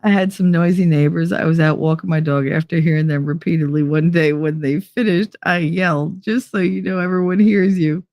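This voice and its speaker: A woman's voice: lowish voice, steady tone, fairly quick, hardly any pauses, no room sound, lo-fi sound. A woman hosting a casual live stream, reading chat aloud and telling stories in a blunt, profane way. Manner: laughs often.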